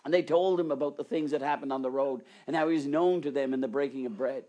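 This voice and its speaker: A preacher delivering a sermon, moving between soft near-whispers and fervent, excited exclamation. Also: medium pitch, fast.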